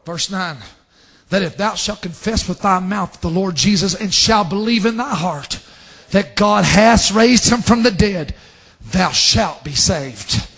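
A male preacher delivers a fervent sermon in a high, husky voice. His pitch swings widely, from low murmured asides to soaring shouted lines of scripture. The tone is bright and forceful. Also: expressive, a little slow.

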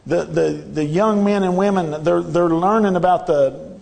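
A man's voice: fairly high pitch, unhurried, vocal fry, a little mellow, in a large hall. A man preaching a sermon in a church, earnest and repetitive, pressing his listeners with rhetorical questions. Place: church sanctuary.

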